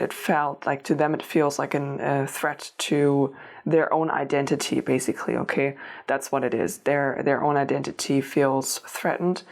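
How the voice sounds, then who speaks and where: A woman gives a spiritual tarot reading, speaking directly to her listener. Her voice sits low and stays quite level, with little rise and fall. She wanders through her thoughts, restarting phrases as she goes. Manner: meandering, many restarts and fillers, addresses listener directly. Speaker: tarot reader. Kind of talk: unscripted spiritual reading to camera.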